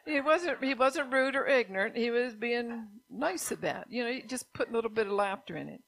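A woman's voice: a little high, a little fast, gravelly, a bit bright. A woman giving an informal sermon, talking conversationally with many "you know"s and repeated words. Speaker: preacher.

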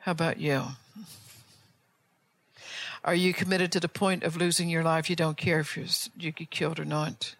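A woman's voice: deep voice, level tone, moderate pace, long pauses, no echo. An older woman preaching a fervent sermon, firing off rhetorical questions and often restarting or repeating her words as she builds to an altar call.

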